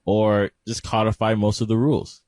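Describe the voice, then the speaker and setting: A man with a deep, low voice co-hosts a casual podcast chat. He stays relaxed and even, laughs easily, and trails off in small hesitations. The close mic sounds dry, with no room around it. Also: normal speed, no room sound. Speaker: podcast co-host.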